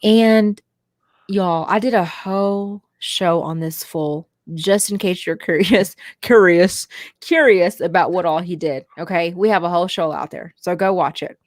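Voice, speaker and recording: A woman's voice: fairly low pitch, unhurried, no room sound, clean studio sound. A woman with a Southern US accent hosting a podcast, telling a story in a chatty, joking way. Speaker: podcast host. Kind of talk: casual chat.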